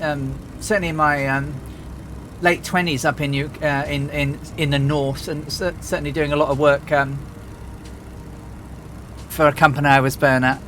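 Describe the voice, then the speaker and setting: Chatty man, slightly high. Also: a bit bright, a little hiss or hum. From England. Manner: rambling, chatty, lots of fillers and restarts. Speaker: livestream host. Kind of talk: casual chat.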